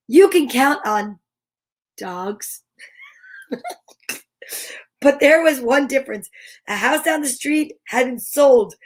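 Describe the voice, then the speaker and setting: Woman doing storytime, high voice, slow and playful reading a kids book. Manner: playful, chuckling at her own reading. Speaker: storytime host. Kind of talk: reading a picture book aloud with comic asides.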